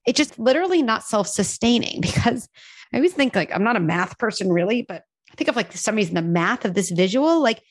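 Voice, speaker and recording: A woman on a podcast talking about parenting and self-care in a casual, animated way, with lots of fillers. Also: on the high side, fast, no echo. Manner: animated, uses many fillers and acted quotes. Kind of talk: casual conversational advice.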